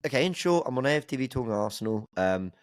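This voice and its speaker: A man's voice: medium pitch, lively intonation, fast, no echo. A man guesting on a football podcast, chatting casually with wry, sarcastic asides.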